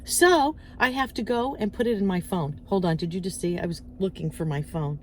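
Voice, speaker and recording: A woman's voice: fairly low pitch, moderate pace, a little hiss or hum. A middle-aged woman chatting animatedly into her phone outdoors, telling stories and acting out little voices. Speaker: vlogger. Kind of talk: casual chatty rant to camera. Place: outdoors, waiting in parked car area.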